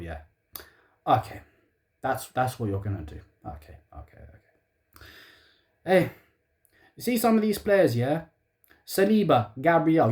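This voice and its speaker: A man's voice: fairly high pitch, darkish tone. A young man ranting sarcastically as a football fan channel host, firing rhetorical questions in heavy slang.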